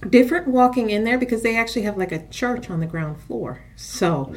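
A woman's voice: a little high, expressive, fairly quick. A middle-aged woman co-hosting a casual chat, talking in a rambling, hesitant way full of fillers. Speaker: co-host.

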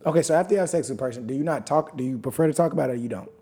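A man's voice: medium pitch, rapid-fire, dark tone, slightly rough. A young man co-hosting a casual podcast chat, cutting in often and laughing a lot. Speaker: podcast co-host.

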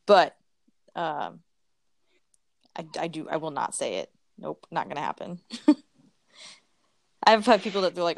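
A woman's voice: deep voice, lively intonation, slow, vocal fry, long pauses, no room sound. A young adult woman chatting casually, laughing often and swearing offhandedly. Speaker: streamer and artist. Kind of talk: casual chat.

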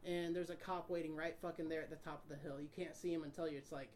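A man in his twenties telling a story in casual chat with friends, animated and swearing, acting out the voices of the people in it. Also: on the high side, fast talker. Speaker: podcast guest.

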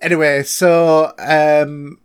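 A man's voice: fairly high pitch, level tone, slow, smooth, no room sound, clean studio sound. English man chatting in a podcast recap. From England. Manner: chatty, hesitant, with many fillers and restarts. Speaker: podcast co-host. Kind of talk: casual chat recapping a TV episode.

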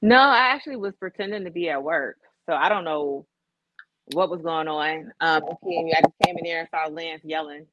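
A woman's voice: sits low, fairly quick, fairly bright tone, dry recording. A woman co-hosting a podcast in casual banter, wry and teasing, laughing often. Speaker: co-host. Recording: slightly dull lo-fi sound.

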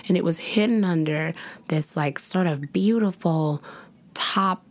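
A young woman co-hosting a casual chat show, telling animated food stories with lots of "like" and "y'all". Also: fairly low pitch, unhurried. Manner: animated storytelling, lots of "like" and "y'all", swings into dramatic voices. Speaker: podcast co-host.

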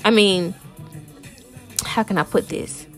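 A woman tarot reader speaks to her viewers in a loose, conversational pep talk, circling back and repeating her points. Her voice sits at an ordinary middle pitch. Faint music plays softly underneath. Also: fairly even intonation, slow pace. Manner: conversational, repeats herself, uses "y'all" and "man".

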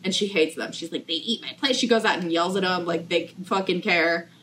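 A young woman chatting casually, telling animated stories and acting out what others said. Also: on the low side, a little fast, a little hiss or hum. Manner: animated storyteller who acts out quotes. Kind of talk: casual chat.

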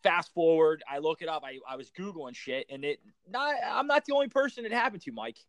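A man with a somewhat high voice tells blunt stories and swears freely as he co-hosts a podcast. He sits close to a dry mic with no room echo. He keeps the talk loose and casual. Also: expressive, fairly quick. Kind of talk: casual chat.

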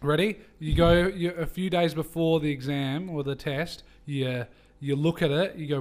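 A young man hosting a casual podcast, joking crudely and sometimes rushing his words. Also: a little high, fairly even intonation. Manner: joking, crude, bursts of fast talk. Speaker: podcast host. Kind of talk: casual chat.

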